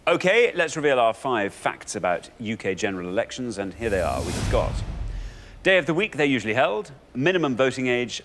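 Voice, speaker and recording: A man's voice: mid-range voice, fairly bright tone. A man hosting a TV quiz show, reading out answers and bantering playfully with his co-host. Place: TV studio.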